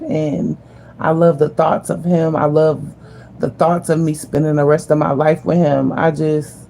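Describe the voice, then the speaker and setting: A woman vlogger talks casually and earnestly to her viewers, addressing them directly, repeating phrases for emphasis, and mixing slang with spirituality. Her voice sits low and is creaky and mellow, her delivery flat and a little slow, with a bit of hiss or hum underneath.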